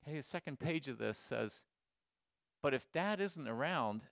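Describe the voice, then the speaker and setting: A man in his sixties giving a sermon to men, swinging from loud exhortation to quiet storytelling. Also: medium pitch, lively intonation, measured pace, vocal fry, no room sound, clean studio sound. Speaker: speaker at a men's gathering.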